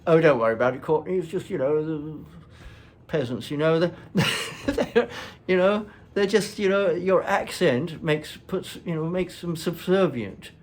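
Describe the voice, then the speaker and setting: A man voicing his father, a grand old English gentleman who reassures him in a lordly, set-in-his-ways manner. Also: fairly high pitch, unhurried, pitched above the performer's own voice, lightly acted.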